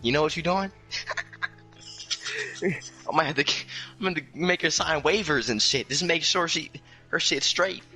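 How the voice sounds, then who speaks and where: A young man spins a casual story with loads of profane slang, his voice bright and cutting. He talks a touch high and leaps way up when he quotes himself. Faint music plays underneath. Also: a little slow, long pauses, slightly rough. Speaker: storyteller guest.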